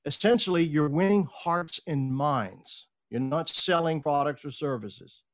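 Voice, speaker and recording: A middle-aged man speaks as an interview guest, his voice sitting a little higher than most men's. He tells a business story casually and with energy, acting out the lines he quotes. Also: measured pace. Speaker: podcast guest, speaker and coach.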